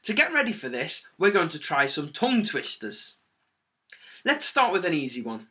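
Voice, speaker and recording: Guy running a kids singing class, slightly high voice, super clear and encouraging. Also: normal speed. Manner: encouraging, clear and energetic delivery. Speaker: music teacher. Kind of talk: singing lesson for children.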